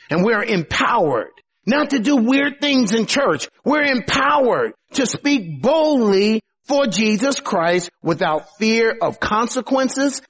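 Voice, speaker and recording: A man preaching a sermon in a husky, high voice that swings widely in pitch. He talks slowly and emphatically, leaning on rhetorical questions and dramatic turns.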